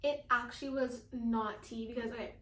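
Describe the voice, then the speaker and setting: A teenage girl vlogging in a casual, chatty way, talking fast with lots of fillers and laughing often. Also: a little high, steady tone, a bit bright, roomy sound. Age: teens. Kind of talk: casual chat.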